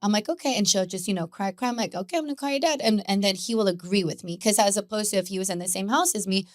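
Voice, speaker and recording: A woman speaks as a podcast guest, chatting in a lively, storytelling way about her day-to-day life. Her pitch sits in the middle range for a woman. The sound is dry and close, with no room echo. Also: quick pace. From Mexican-American family. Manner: chatty, animated storytelling with laughter. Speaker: guest, Pilates instructor. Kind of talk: casual podcast conversation.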